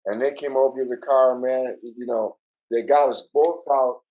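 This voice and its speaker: A man's voice: medium pitch, steady tone, normal speed, warm tone, low-quality recording. An older man from Minnesota, a musician guest, telling a rambling story full of swearing and "right?" tags. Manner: profane, rambling with tag questions. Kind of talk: casual storytelling.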